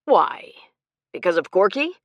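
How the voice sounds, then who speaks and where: Brief: a woman doing a slick male swindler in an audiobook, oily charm with menace underneath, low and dry. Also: sing-song, a little slow, creaky, dry recording, dull audio, heavily acted. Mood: menacing. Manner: fake charm turning cold and cruel. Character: smooth adult male con man, menacing.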